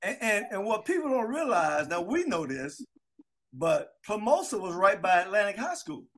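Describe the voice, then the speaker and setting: Reminiscing with old friends in easygoing conversation, a sixty-something man tells youthful stories in a high-pitched voice at a moderate pace. He brings the quotes to life by acting them out.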